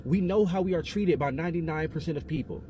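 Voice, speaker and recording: A man delivers casual commentary at a quick clip, lively and joking. His voice sits a little high, and he keeps firing rhetorical questions at the viewer. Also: slight background noise. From United States.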